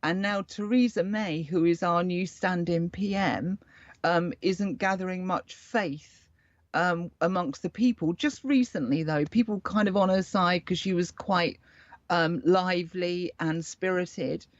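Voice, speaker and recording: A woman's voice: lowish voice, a little slow, dry recording, highs cut off. A woman from the United Kingdom in casual chat, wryly explaining news to co-hosts. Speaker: co-host.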